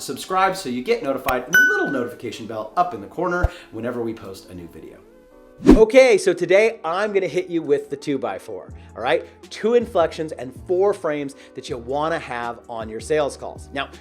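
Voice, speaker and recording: Upbeat male sales coach. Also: a little high. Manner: energetic, emphatic teaching with frequent "right?" check-ins. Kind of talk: instructional video talk.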